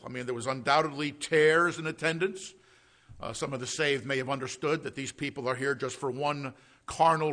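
A man's voice: medium pitch, sharp tone. A man preaching an expository sermon, emphatic and given to rhetorical questions and "uh" fillers. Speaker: pastor.

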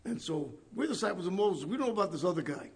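A man preaching a conversational sermon, reading scripture and throwing rhetorical questions at his congregation with a raspy voice. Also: high voice, lively intonation, fast talker.

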